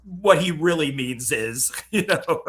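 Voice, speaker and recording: A man co-hosting a casual film discussion, talking in an animated way, swearing freely and laughing often. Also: a little high, slow pace. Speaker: film podcast co-host.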